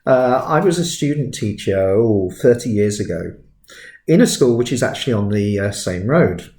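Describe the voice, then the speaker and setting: A man's voice: lowish voice, animated, moderate pace, dark tone. Chatty man in his fifties, roomy echo. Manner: chatty, digressive, self-deprecating. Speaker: art tutor. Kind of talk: relaxed sketching tutorial with anecdotes.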